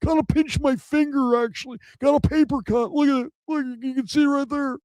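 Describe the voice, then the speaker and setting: A strained, squeaky football boss. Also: male voice, steady tone, a little fast, darkish tone, no echo. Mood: self-mocking. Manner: rambling, self-mocking confession. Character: strained-voiced male football executive. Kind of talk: comic impression on a live show.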